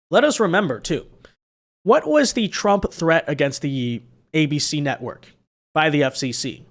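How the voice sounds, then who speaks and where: Male commentary host with a high voice, tired and mocking, runs a sarcastic solo rant. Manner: sarcastic, mocking, tags lines with "right?". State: weary. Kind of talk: opinion commentary monologue.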